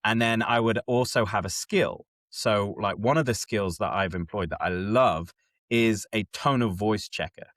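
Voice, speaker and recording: A man's voice: lowish voice, normal speed, dry recording. A man hosting a casual chat, explaining step by step and often checking that his co-host is following. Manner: animated, keeps checking in with listener.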